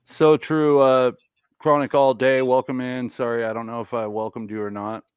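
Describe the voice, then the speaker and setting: A man hosting a casual livestream chat show in a relaxed way, swearing now and then. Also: medium pitch, moderate pace, clean tone, no echo. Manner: laid-back, swears casually.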